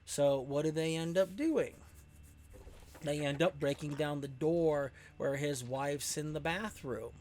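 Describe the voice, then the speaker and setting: A man's voice: on the high side, takes it slowly, slight background noise. A man hosting his channel who tells a story casually over gameplay and keeps asking rhetorical questions. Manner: rhetorical questions, animated retelling. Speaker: channel host.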